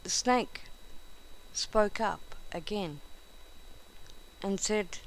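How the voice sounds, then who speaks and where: A woman narrating a storybook in a gentle, unhurried reading manner. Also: mid-range voice, animated, poor audio.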